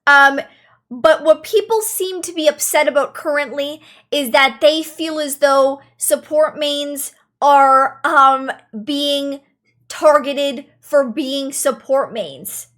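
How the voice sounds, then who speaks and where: High-voiced woman streamer chatting casually. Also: slow, a bit bright. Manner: chatty, repeats phrases for emphasis, addresses chat.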